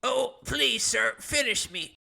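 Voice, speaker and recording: A man voicing a pleading male goblin king in a comedic tabletop game, with a high, gravelly, drawn-out whine. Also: expressive, crowd noise, heavily acted. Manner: begging, groveling. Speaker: game master voicing a character.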